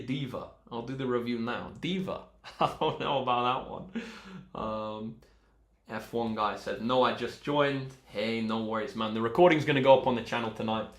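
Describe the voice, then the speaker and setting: Upbeat young man in a roomy echo. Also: mid-range voice. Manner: upbeat and encouraging, reads out chat messages. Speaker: maths tutor hosting a live stream. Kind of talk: casual live-stream chat with viewers.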